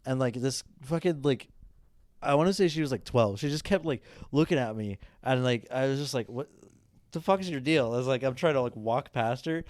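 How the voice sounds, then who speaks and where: A man's voice: medium pitch, a little fast, a little mellow, dry recording, clean studio sound. A man co-hosting a podcast in casual chat, telling rambling, crude stories full of "like" and laughter. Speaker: podcast co-host.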